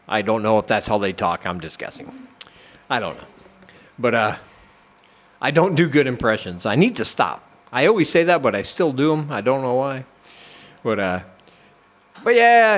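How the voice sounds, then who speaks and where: A man's voice: mid-range voice, dull audio. A man hosting a comedy podcast, talking in a sarcastic, rambling way with lots of fillers. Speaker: podcast host. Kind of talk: casual comedic rant.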